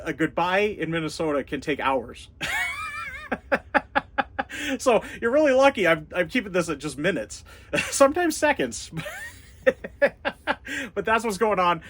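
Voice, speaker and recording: A man's voice: a little high, fairly bright tone. A man in his thirties from North Dakota with an Upper Midwest American accent, rambling through a casual vlog sign-off and chuckling often. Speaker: YouTuber.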